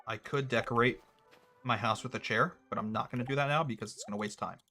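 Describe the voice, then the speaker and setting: A young man casually commentating his own gameplay, thinking out loud with a wry, chatty manner. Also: medium pitch, fast, soft background music. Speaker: gaming streamer. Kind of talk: casual let's-play commentary.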